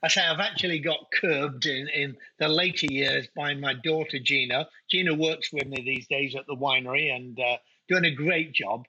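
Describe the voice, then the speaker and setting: A husky, bright-voiced middle-aged man with a Nottingham accent tells stories in an easy, rambling way. His delivery is forceful and slightly higher than most men's. The recording sounds dull and lo-fi. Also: steady tone, moderate pace, hardly any pauses. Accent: English, Nottingham. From England. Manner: chatty, anecdotal, frequent uh fillers. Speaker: guest, winery owner. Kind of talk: casual interview chat. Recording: dull lo-fi audio.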